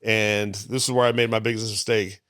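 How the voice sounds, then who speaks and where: A man, a stand-up comedian guest, telling stories in a casual, profane, animated way. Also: fairly low pitch, brisk, clean tone, dry recording, studio quality. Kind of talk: casual storytelling.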